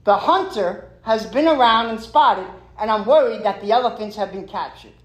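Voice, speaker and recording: A man's voice: high-pitched, normal speed, reverberant, close to an everyday voice, low-quality recording. A man voicing a worried male lion, king of the jungle, in a spoken fable, urgent and concerned.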